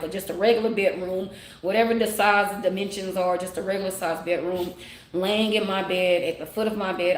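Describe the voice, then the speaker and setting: A woman vlogger casually telling a personal story to her viewers, candid and animated, laughing often and calling them y'all. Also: medium pitch, echoey room. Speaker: spiritual vlogger.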